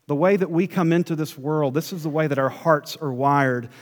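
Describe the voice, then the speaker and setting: A pastor speaks at a moderate pace as he preaches, his fairly high voice moving from hushed asides up into emphatic runs. The audio echoes with the long reverb of a large hall.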